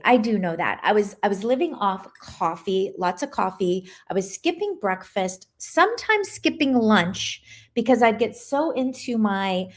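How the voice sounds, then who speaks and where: A middle-aged woman talks casually on her livestream. She rambles easily and breaks off to greet viewers by name. Her voice sits at an ordinary, mid-range pitch. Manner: chatty, rambling, pauses to greet and answer viewers. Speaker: livestream host.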